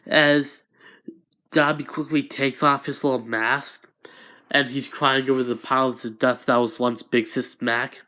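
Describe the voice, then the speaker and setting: A man's voice: medium pitch, steady tone, slow pace, pauses often, fairly bright tone. A man improvising a fan story as narrator, hesitant and often restarting his sentences.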